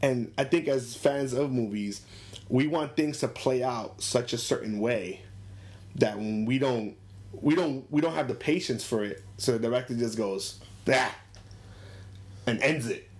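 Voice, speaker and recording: A man's voice: medium pitch, normal speed, darkish tone. A man chatting casually about movies, laughing often and acting out characters in a raised voice. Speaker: movie discussion co-host. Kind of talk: casual chat.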